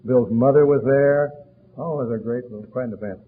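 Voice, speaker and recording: A man in his eighties speaking to a recovery meeting, telling a story with a chatty, deliberate manner and frequent fillers. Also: mid-range voice, a little hiss or hum. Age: 80s. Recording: tinny phone-like old tape recording.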